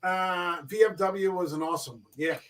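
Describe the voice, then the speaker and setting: A man's voice: sits high, normal speed. A man hosting a casual film podcast, telling stories animatedly and swearing freely. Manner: animated, profane storyteller.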